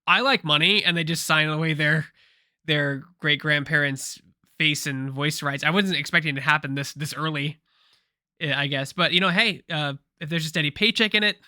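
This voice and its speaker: A man's voice: on the high side, fairly even intonation, normal speed, sharp tone, no room sound, studio quality. A man co-hosting a casual pop culture talk show, rambling and opinionated with frequent restarts. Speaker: co-host. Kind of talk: casual podcast discussion.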